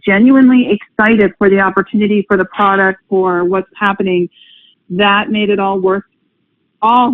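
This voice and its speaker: A woman's voice: medium pitch, dry recording. A woman speaking as a guest executive on a company call, enthusiastic and laughing often. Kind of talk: casual conference-call talk. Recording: dry tinny phone line.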